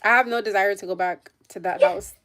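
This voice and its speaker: This young woman's voice is medium-pitched with fairly even intonation, a little fast, and loud music plays behind her. Hosting a livestream, she casually rambles through a long, emotional story, heavy on "like" and with asides to her viewers.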